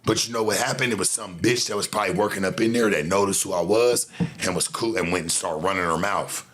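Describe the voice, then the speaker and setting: A man's voice: low voice, quick pace, a bit bright. A man hosting a show, telling a story in a casual, profane monologue full of street slang. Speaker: show host.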